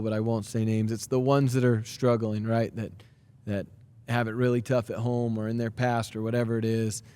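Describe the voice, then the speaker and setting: Man, thirties, basketball coach, podcast interview, earnest and energetic, mellow warm tone. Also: mid-range voice. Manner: energetic, earnest, many fillers and restarts. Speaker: high school basketball coach.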